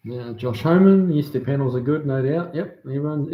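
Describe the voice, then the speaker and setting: A New Zealand-accented man with a medium-pitched voice hosts a livestream at a moderate pace, casually chatting and reading viewer comments amid many ums and restarts. His manner is laid-back, and the audio sounds dull with a roomy echo.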